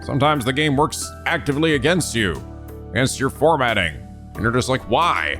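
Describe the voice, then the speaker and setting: A young man hosting a let's play, chatting casually and profanely, laughing often and jumping between low mutters and loud yelps. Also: animated, fairly quick, soft background music. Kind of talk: casual gameplay commentary.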